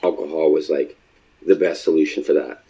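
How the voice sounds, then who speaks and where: A man giving reflective interview answers in a halting way, with frequent pauses and fillers. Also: extremely low pitch, fairly even intonation, dark tone, a little hiss or hum, low-quality recording. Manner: halting, hesitant, with many fillers.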